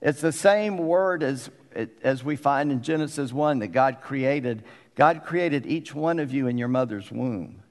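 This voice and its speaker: A man's voice: mid-range voice, measured pace. Preaching man in a reverberant hall. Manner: conversational, asks the congregation questions. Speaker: pastor. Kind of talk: sermon. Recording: long reverb of a church hall.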